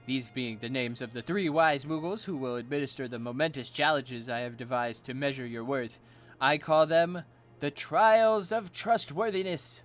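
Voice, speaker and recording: A man's voice: mid-range voice, normal speed, lightly acted. A man voicing a pompous, theatrical male moogle leader.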